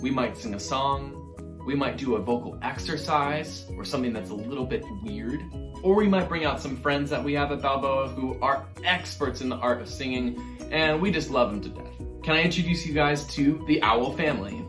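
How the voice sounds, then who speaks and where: A man teaching an online music lesson to young children, upbeat and encouraging, sometimes demonstrating hoots and squeaky voices. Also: normal speed, echoey room.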